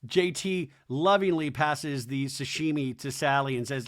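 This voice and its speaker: A man hosting a podcast, recapping a reality TV episode with sarcastic, animated commentary and putting on voices for quotes. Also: medium pitch, moderate pace, hardly any pauses. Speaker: podcast host. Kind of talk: comedic TV recap.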